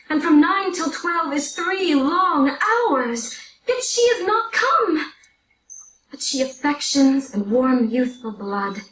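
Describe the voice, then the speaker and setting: A woman reads the part of an eager young girl in love who begs impatiently for news, in a high voice. It is a classroom play reading, heard from far off in an echoing room with faint noise. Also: a bit bright. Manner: eager, pleading. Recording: roomy, picked up from far off.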